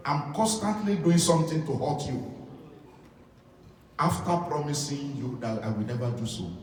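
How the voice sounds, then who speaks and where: A man preaching in a church hall, his voice carrying from a distance across long, roomy echoes. He sits at a middle pitch and tells stories from the pulpit, repeating key phrases to drive them home. A faint hum of the room sits behind him. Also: darkish tone. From Nigeria. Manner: storytelling, repeats phrases for emphasis. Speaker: pastor. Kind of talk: sermon.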